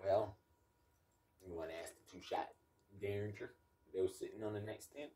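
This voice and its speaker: A man's voice: fairly low pitch, moderate pace, mellow, a little hiss or hum. A young adult man telling a rambling, profane story in a casual rant.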